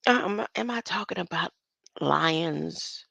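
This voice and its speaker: Gravelly, slow-talking older woman. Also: fairly low pitch, lively intonation, a bit bright, no room sound. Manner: rambling, musing aloud, laughs often. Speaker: online streamer. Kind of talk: casual solo talk on word meanings.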